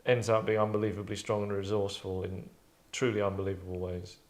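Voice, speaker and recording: This man talks at a quick pace in a fairly low voice that barely shifts in pitch. He's casually directing a voice session he hosts, rambling, restarting and acting out lines as he gives notes.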